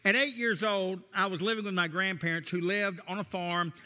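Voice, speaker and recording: Guest preacher, man in his sixties, Tennessee-Texas drawl, a bit high, folksy storyteller, ringing church reverb. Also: steady tone, normal speed, bright, forceful tone. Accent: Tennessee and Texan Southern American. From Nashville, Tennessee, USA. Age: 60s. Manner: folksy storytelling, self-deprecating humor. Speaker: guest pastor. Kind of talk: sermon.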